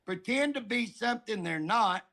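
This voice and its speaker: A man's voice: high voice, expressive, moderate pace, crowd noise. A middle-aged man, telling stories in a folksy, joking drawl on a talk show. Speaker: politician guest. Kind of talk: casual talk show chat.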